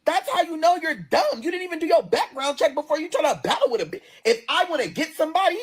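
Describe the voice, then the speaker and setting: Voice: sits high, sing-song, fast talker. A person ranting on a livestream in a combative, profane, sassy way, straight into a phone.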